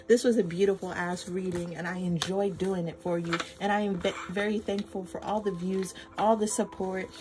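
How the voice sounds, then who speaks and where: With music and a noisy background behind her, a woman with a mid-range voice does a casual tarot reading for her viewers. Her tone is effusive, flustered and emotional, full of free swearing and "y'all."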